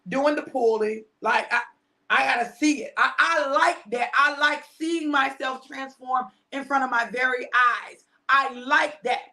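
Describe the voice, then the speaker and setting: Gravelly, forceful woman in her fifties. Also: sits high. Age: 50s. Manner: emphatic and repetitive, preachy, jumps between loud and hushed asides. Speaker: motivational live-stream host. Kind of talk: casual motivational talk to viewers.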